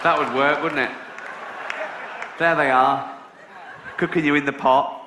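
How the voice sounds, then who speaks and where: A man's voice: fairly high pitch, steady tone, measured pace, crowd noise, noisy background. A middle-aged man doing a sardonic stand-up routine, swearing and acting out characters. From England. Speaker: stand-up comedian. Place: large theatre with a live audience. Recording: echoey live theatre with audience laughter.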